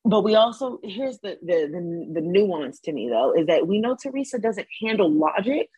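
A woman's voice: mid-range voice, sing-song, normal speed, mellow, husky, low-quality recording. A woman guesting on a podcast, chatting casually in a blunt, sassy way and often acting out what others said. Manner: sassy, blunt, quotes people in mock voices. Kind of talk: casual chat.

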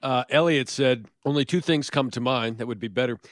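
A man's voice: mid-range voice, brisk, no room sound, studio quality. A man co-hosting a sports podcast in casual chat, teasing his partner and reading listener tweets aloud. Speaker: podcast co-host.

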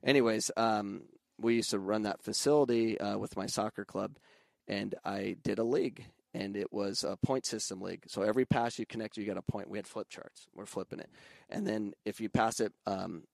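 A man who coaches youth soccer, talking casually and animatedly, jumping up into loud mimicry of other coaches and parents. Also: on the low side, gravelly, no echo. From Arizona. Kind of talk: casual podcast conversation.

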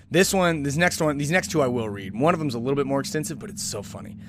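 A man's voice: medium pitch, a bit bright, dry recording. A man hosting a podcast, casually commenting on satirical headlines in a rambling, sarcastic way with frequent restarts. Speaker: podcast host.

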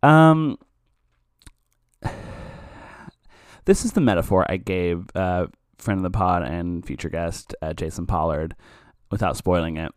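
Speaking a little slowly with frequent pauses, this man rambles through a podcast film review, swearing and interrupting himself. His voice is low and smooth, recorded in studio quality with no room sound.

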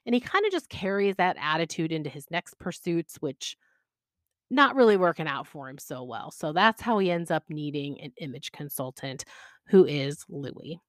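A woman's voice: sits low, animated, moderate pace, no echo, studio quality. A woman hosting a podcast, casually and enthusiastically recommending stories. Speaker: podcast host.

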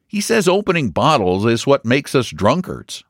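A man's voice: medium pitch, very animated, no echo, clean studio sound, pitched above the performer's own voice. Man doing a drawling, self-assured young man. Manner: slow, assured, emphatic. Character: confident young man hosting, drawling, sure of himself.

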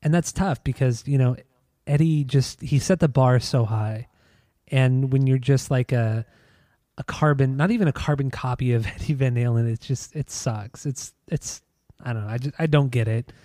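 A man's voice: medium pitch, normal speed, warm tone, no room sound, clean studio sound. Wry podcast host man wrapping up. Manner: wry, dismissive, steers the episode. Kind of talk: casual chat, album review.

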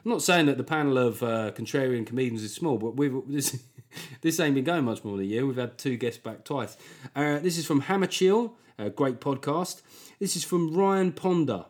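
Male comic host, solo podcast, self-mocking and rambling, animated pitch. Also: normal speed. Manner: rambling, sarcastic, self-deprecating.

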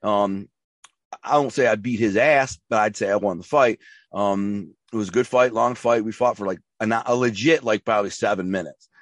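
A man's voice: on the low side, moderate pace, no room sound. A man being interviewed, telling his life story in a rambling, emphatic way with slang and restarts. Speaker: interview guest.

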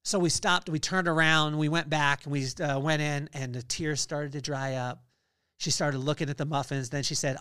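In a conversational faith-based pep talk on his podcast, a host in his forties rattles off lists of virtues, his energy building as he goes. His voice is on the high side, steady, bright, forceful, clear and resonant, delivered at normal speed with no room sound.

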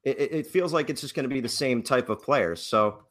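A man's voice: medium pitch, a little fast, fairly bright tone. A young man co-hosting a casual live sports podcast, chatty and opinionated, laughing often. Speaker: podcast co-host. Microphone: webcam and computer mic.

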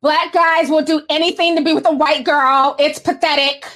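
A woman doing a mocking young Valley Girl voice to read out chat messages in an airy, drawn-out drawl. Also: sits high, fairly even intonation, fairly bright tone.

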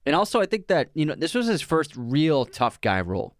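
A man's voice: a little high, big pitch swings, brisk, dry recording. A man co-hosting a podcast, giving opinionated takes on actors and films in a casual chat. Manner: opinionated, talks through his views. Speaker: podcast co-host. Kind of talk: casual film discussion.

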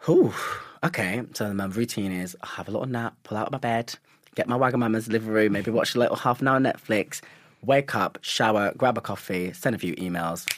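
A young man talks as a guest, animated and full of slang as he tells his stories. His voice sits fairly low. The sound is dry and close to the mic. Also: dry recording. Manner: chatty and animated, quick storytelling with slang. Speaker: guest, stage actor. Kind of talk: casual chat.

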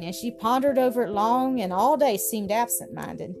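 A woman's voice: on the high side, animated, moderate pace, vocal fry, hardly any pauses. Woman reading a storybook aloud. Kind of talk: scripted narration of a classic story. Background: music.

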